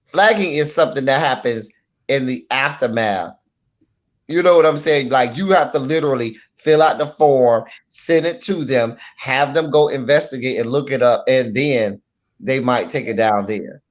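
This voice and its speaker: A man in an online panel discussion who drives his arguments home, repeating phrases for weight. His voice sits at an ordinary middle pitch. The sound is dull and lo-fi, like video call audio. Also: normal speed. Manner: emphatic, repeats points for stress. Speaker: YouTube commentator on a panel. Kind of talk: casual critical panel discussion.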